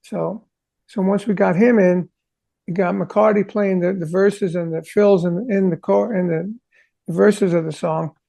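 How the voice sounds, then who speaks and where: Man, interview guest, rock drummer, high gravelly voice, dark tone, animated storyteller. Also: a little slow. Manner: animated, sings drum parts vocally; acts out quoted conversations.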